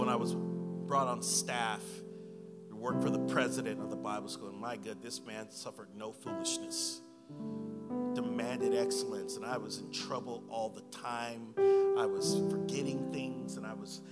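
Male pastor preaching, goes quiet then loud, long hall reverb, guitar going loud behind him. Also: medium pitch, measured pace. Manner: swings from hushed to loud and excited. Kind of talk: sermon with personal story. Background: loud guitar playing.

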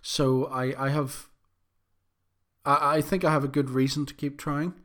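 A man's voice: fairly high pitch, little pitch movement, a little slow, fairly bright tone. A man hosting a podcast, talking alone in a rambling, self-deprecating way with many fillers and restarts. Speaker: podcast host. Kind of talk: casual solo podcast monologue.

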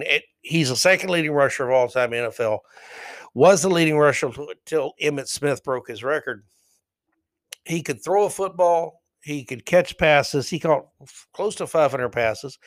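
A middle-aged man with a slightly high voice holds forth alone on his podcast. He rants bluntly and heatedly, wandering from story to story with strong opinions. His delivery is loose and conversational, never scripted. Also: creaky. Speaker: podcast host. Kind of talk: opinionated solo podcast monologue.

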